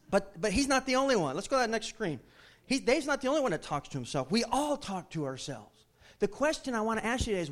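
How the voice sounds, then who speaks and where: A male pastor preaching a sermon emphatically, repeating his phrases and putting questions to the congregation. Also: high voice.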